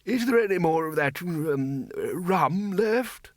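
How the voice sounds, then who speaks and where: Casting: high, thin ancient wizard, rambling and cheerily oblivious, put on by a male audiobook narrator. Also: lively intonation, takes it slowly, no room sound, clean studio sound. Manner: rambling, quavering, forced cheer.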